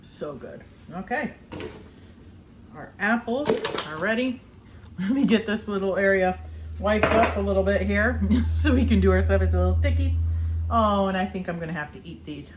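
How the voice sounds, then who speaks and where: A woman's voice: mid-range voice, expressive, moderate pace, noisy background. Chatty woman showing kitchen work. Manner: chatty, laughs often, talks while snacking. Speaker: homestead vlogger. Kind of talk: casual cooking demonstration. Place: home kitchen.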